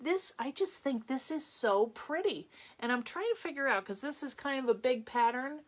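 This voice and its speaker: A middle-aged woman with a New York accent leads a casual live-stream craft tutorial. Her voice sits a little high, and she chats along freely, greeting viewers by name between steps. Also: expressive, moderate pace.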